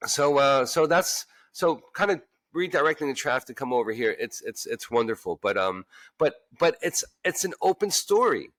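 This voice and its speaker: A man, a restaurant chef-owner, telling lively stories in an interview and acting out what people said. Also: fairly high pitch, normal speed, dry recording. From Queens, New York. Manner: animated storyteller who acts out quoted voices. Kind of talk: casual storytelling interview.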